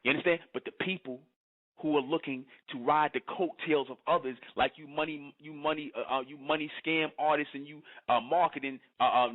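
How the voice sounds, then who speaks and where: Preachy male commentator, somewhat high voice, thin phone-quality audio, lecturing nonstop. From United States. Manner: lecturing, keeps asking "you understand?". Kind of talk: preachy monologue. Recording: tinny phone-like sound.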